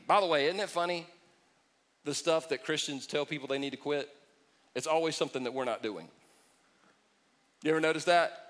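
A middle-aged man preaching a sermon in an animated, joking way, acting out mocking impressions. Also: a little high, a little fast, pauses often. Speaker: pastor.

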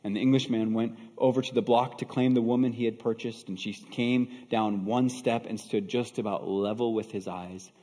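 A man's voice: medium pitch, steady tone, moderate pace, few pauses, mellow, long reverb tail. A man preaching a sermon, moving from storytelling into fervent preaching with rhetorical questions. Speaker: pastor.

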